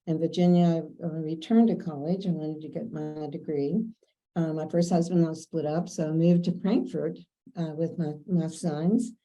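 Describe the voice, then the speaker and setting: Older Kentucky woman, low and very mellow voice, chatty anecdotal storyteller. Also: lo-fi sound. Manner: chatty, anecdotal, quotes others in dialogue. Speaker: interviewee. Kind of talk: casual storytelling.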